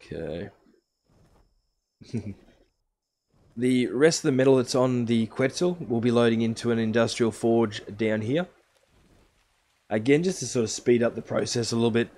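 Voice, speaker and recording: A man's voice: mid-range voice, moderate pace, pauses often, darkish tone, a little hiss or hum. A man streaming a survival game live, casually explaining each step to his viewers. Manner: chatty, explains steps to viewers.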